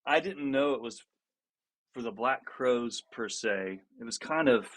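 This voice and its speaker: A man chatting as a guest on a podcast, telling a story in a loose, lively way. He laughs now and then, doubles back on his words, and acts out what other people said. His voice sits at a middle pitch. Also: unhurried. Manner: laughs often and restarts sentences. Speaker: guest musician. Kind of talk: casual storytelling in a podcast interview.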